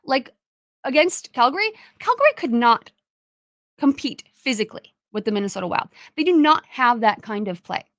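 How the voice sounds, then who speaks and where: A woman host recapping a hockey game in a chatty, animated way, full of fillers and asides. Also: a little high, moderate pace, no echo, clean studio sound. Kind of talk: casual solo game recap.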